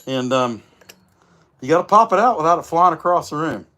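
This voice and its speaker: Folksy man, slightly rough voice from illness, rambling livestream host talking while he works. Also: on the high side, expressive, a little fast, bright, forceful tone. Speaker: chainsaw carver hosting a livestream. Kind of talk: casual livestream chat while working.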